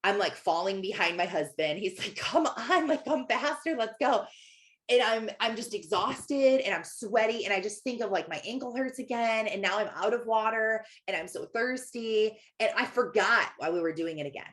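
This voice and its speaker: A woman in her thirties speaks as a Christian life coach in a casual motivational talk. She tells a personal story in a conversational way, full of "like"s and small restarts. Her voice sits at an ordinary middle pitch. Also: moderate pace, hardly any pauses, fairly bright tone. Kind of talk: faith-based motivational talk.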